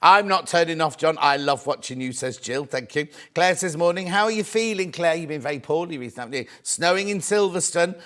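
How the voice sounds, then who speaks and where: A British man hosts a live shopping show, rattling off prices and reading out viewers' messages in a friendly patter. His voice sits a touch higher than most men's, and he clears his throat now and then. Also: expressive, brisk, hardly any pauses, fairly bright tone. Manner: chatty, reads out viewer messages, calls viewers "my love". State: coughing, mild throat trouble. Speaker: shopping channel presenter. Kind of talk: live TV selling, chatty.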